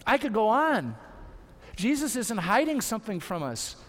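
A man preaching a sermon as pastor, earnest and emphatic, with deliberate pauses. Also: high-pitched, sing-song, fairly bright tone, long reverb tail.

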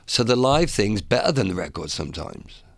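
An older man, a musician guest, chatting playfully in an interview, theatrical and quick to laugh. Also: sing-song, creaky, fairly bright tone, dry recording, clean studio sound. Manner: playful, theatrical, laughs often, acts out quotes in a high voice. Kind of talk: lively interview chat.

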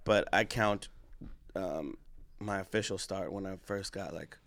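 A man, a guest comedian chatting on a podcast in a joking, animated way. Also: a little slow. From New York, Jamaica, Queens. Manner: joking, animated, jumps into high silly voices. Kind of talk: casual podcast chat.

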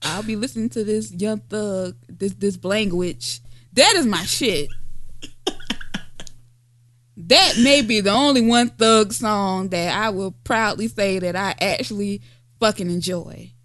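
Slow, blunt woman in casual chat. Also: medium pitch, fairly bright tone. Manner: blunt, profane, laughs often. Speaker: podcast co-host.

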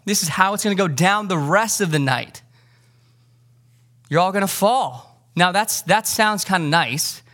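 A male pastor delivers a sermon in a fairly high voice. He is animated and conversational, dropping joking asides and briefly acting out the disciples. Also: moderate pace, hardly any pauses.

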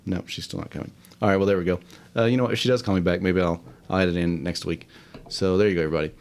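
Male host, lower register, loose self-deprecating solo chat full of fillers. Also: steady tone, rapid-fire, creaky. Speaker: podcast host. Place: home studio, alone.

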